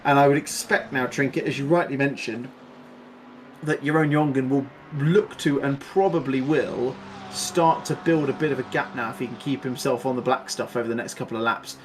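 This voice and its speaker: A man doing live play-by-play commentary on a sim race, excitable and chatty, laughing often. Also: medium pitch, moderate pace, a little hiss or hum.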